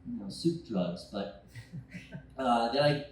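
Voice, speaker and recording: A young adult man telling a rambling, profane stand-up story, acting out scenes with sudden shouted quotes. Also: mid-range voice, lively intonation, takes it slowly. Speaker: stand-up comedian. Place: bar stage. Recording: echoey bar room from far off.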